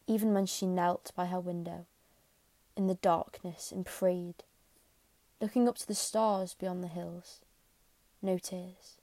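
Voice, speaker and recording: A woman reading a classic novel aloud in a quiet, measured way, sometimes sinking to a whisper. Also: lowish voice, creaky, dry recording. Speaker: audiobook narrator. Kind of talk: scripted narration.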